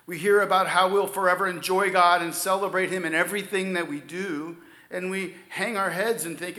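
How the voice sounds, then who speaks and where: A man preaching a sermon, stressing key words loudly and then dropping to near-whispers. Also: high-pitched, steady tone, normal speed, few pauses, echoey room. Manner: emphatic preaching, swings from loud stresses to soft near-whispers. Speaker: pastor.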